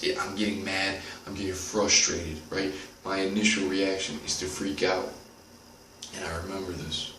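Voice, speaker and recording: A man's voice: low voice, flat delivery, moderate pace, fairly bright tone. A man giving an earnest motivational monologue to his viewers, speaking directly and repeating his points. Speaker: motivational video host. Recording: roomy, distant from the mic, faint noise.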